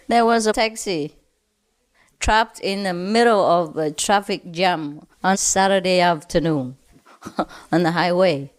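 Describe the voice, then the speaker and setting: Slow, laughing woman telling jokes. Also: lowish voice. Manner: playful, often laughing at her own jokes; halting, with many "uh" pauses. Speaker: spiritual teacher. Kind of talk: lecture telling jokes to an audience.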